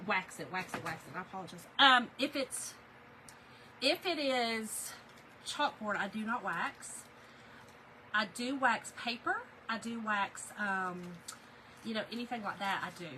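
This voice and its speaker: Lady hosting a craft livestream, bright higher voice, folksy, laughs a lot, faint hum behind. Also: low-quality recording. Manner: chatty, folksy, laughs often, answers viewer comments. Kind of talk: casual livestream chat while crafting.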